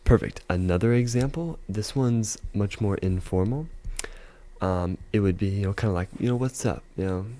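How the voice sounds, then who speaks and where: A man teaching a casual video lesson, explaining step by step with frequent fillers and slowly repeating example phrases. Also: on the low side, warm tone, slight background noise. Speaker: language teacher.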